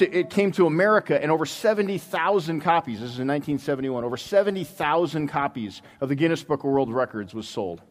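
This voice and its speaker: A man preaching a sermon in a church, telling a story with many halting restarts. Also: fairly high pitch, darkish tone. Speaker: pastor. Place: church sanctuary. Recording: long hall reverb.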